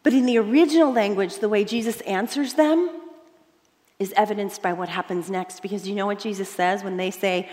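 A woman preaching a sermon, telling the story dramatically, dropping to hushed tones and then rising for emphasis. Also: medium pitch, brisk, long reverb tail.

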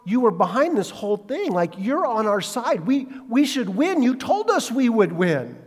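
Guy doing a whiny complaining bible leader, high voice, big reverb. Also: sing-song, moderate pace, full character voice. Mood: pleading complaint. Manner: pleading, indignant, exaggerated complaint. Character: anguished male Bible leader blaming God.

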